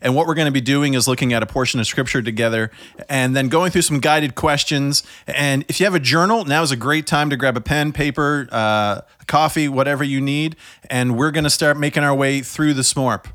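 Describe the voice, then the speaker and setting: A man co-hosting a podcast who leads a devotional scripture segment in a calm, steady, instructive way. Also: medium pitch, fairly quick, no echo, studio quality. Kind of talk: guiding a devotional discussion.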